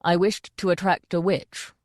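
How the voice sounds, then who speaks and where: A woman's voice: fairly low pitch, flat delivery, normal speed, dry recording, clean studio sound, close to an everyday voice. A woman voicing the formal, courteous ghost of a king in an audiobook.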